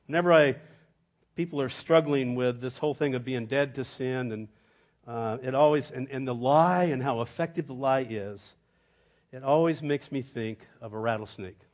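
A middle-aged male pastor with a medium-pitched voice preaches a sermon at normal speed. He swings between soaring, emphatic proclamation and hushed, chuckling storytelling.

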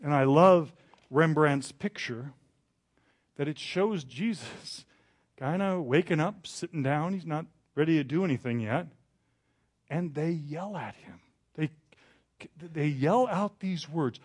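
A man preaching a sermon, telling the story with dramatic rises, then turning quiet and confessional. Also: fairly high pitch, lively intonation, slow pace, pauses often, husky. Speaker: pastor.

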